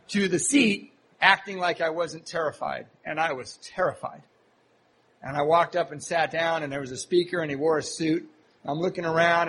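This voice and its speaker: A man with a slightly higher than usual voice tells his recovery story to a live crowd at a meeting. He mocks himself with a comic touch and acts out the other people's voices. A faint hum of the hall sits behind him. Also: fairly bright tone. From Southern California. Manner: humorous, self-mocking storytelling with acted-out voices. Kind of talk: personal recovery story told to a live audience. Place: meeting hall before an audience.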